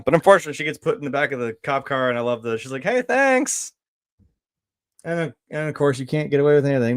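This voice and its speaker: Laid-back man rambling through a film review. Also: medium pitch. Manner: laid-back, rambling, laughs often, frequent fillers and swearing. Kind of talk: casual film review commentary.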